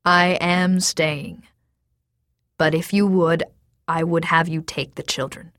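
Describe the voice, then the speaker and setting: A steady, stubborn father speaks in slow, resolute words, as a woman narrating a storybook voices him. His voice sits a little low, and the sound is dry and close. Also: no echo.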